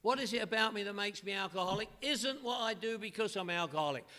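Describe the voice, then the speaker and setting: A man's voice: sits high, lively intonation, fast talker, sharp tone. An older man giving a humorous recovery talk to a live audience in a meeting hall, telling stories in a punchy, wisecracking way. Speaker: AA speaker.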